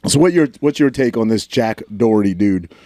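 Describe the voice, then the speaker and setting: A New man in his forties, telling a long story on a podcast. His voice is low and mellow, and he acts out the lines he quotes. The sound is dry and close. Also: lively intonation, a little fast, dry recording. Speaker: podcast co-host. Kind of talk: casual storytelling chat.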